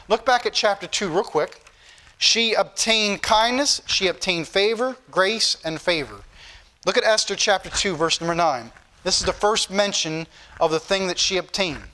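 A man preaching a sermon, reading scripture aloud and repeating key phrases with slow emphasis. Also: high-pitched, pushed and bright. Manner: reads scripture aloud in King James wording.

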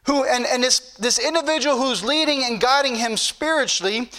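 High bright-voiced preacher man. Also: moderate pace. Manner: preachy, repetitive emphasis. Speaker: pastor. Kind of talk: sermon.

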